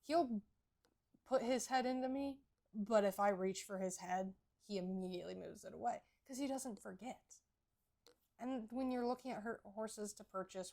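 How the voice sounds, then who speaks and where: Gravelly-voiced woman co-hosting a horse podcast. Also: mid-range voice, warm tone. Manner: earnest, explanatory, gives advice. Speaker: podcast co-host. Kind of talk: casual horse podcast chat.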